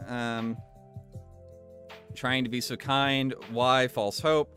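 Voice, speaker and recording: Male streamer, bright tone, reads a text aloud with dry interjections over soft background music. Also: medium pitch, extremely slow. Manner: reads flatly, breaks off for wry asides. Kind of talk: reading aloud with commentary.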